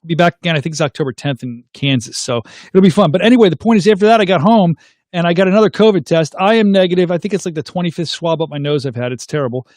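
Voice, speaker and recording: A man's voice: on the high side, very fast, dry recording, studio quality. A man in his thirties hosting a live talk show, animatedly telling a personal story and reading viewer comments. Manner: animated, acts out dialogue in his anecdotes; reads viewer comments aloud. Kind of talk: casual livestream storytelling.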